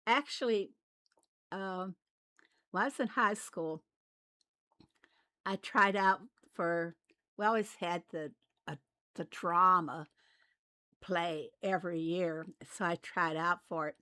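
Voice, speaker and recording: A woman's voice: lowish voice, steady tone, takes it slowly, pauses often, sharp tone, no room sound. A woman from Arkansas with a light Southern US accent, chatting casually as she plays a game and laughing often. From Arkansas, USA. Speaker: game channel host. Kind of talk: casual gameplay commentary.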